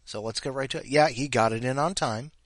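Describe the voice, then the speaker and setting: A man's voice: mid-range voice, a little fast, dry recording. A man hosting a podcast, chatting casually with rambling asides and reading a listener's story cold. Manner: rambling, mumbly asides, talks to his dog. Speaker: podcast host.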